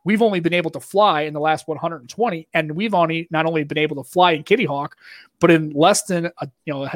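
A man with a Boston accent rants through a casual podcast chat, talking in a fairly high voice and circling back over himself with restarts. The recording is close and dry. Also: dry recording. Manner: animated, ranting, rambling with restarts. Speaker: podcast co-host.

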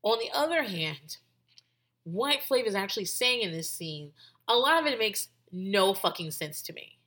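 A woman's voice: medium pitch, animated, normal speed, a bit bright. A woman hosting a podcast in casual chat, talking in a loose, rambling way full of "like" and restarts and swearing freely. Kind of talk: casual commentary.

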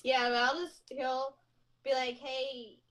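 A woman's voice: a little high, normal speed, a bit bright. A young adult woman co-hosting a podcast, telling casual stories with giggles and self-mocking asides. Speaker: podcast co-host. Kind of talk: casual chat.

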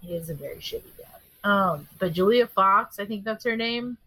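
A woman chatting casually on a podcast, telling animated stories with lots of swearing and quoted voices. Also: medium pitch, moderate pace, dry recording. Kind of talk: casual chat.

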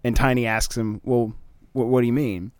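A man casually piecing together a comedy storyline, pausing and restarting as he thinks. His voice is mid-pitched and recorded dry and close, with no room echo. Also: steady tone, clean tone. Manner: casual, hesitant plot-building. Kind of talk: comedy podcast improv.

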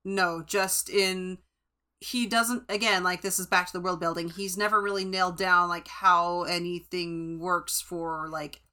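Bright-voiced chatty woman podcaster. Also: on the low side, little pitch movement, unhurried. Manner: chatty, many fillers and restarts. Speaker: podcast co-host. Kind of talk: casual book discussion.

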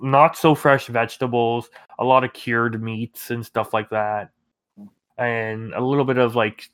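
A man's voice: medium pitch, dry recording. Man narrating a tabletop game. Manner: relaxed storytelling with many fillers. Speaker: game master.

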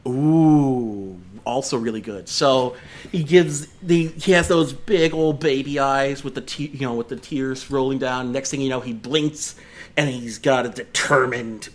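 A man in his thirties narrating a tabletop game as game master, rambling with lots of fillers and restarts. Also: medium pitch. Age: 30s.

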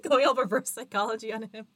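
A woman's voice: a little high, a bit bright, no room sound. A woman co-hosting a casual book podcast over a video call, recapping chapters and laughing often. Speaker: podcast co-host.

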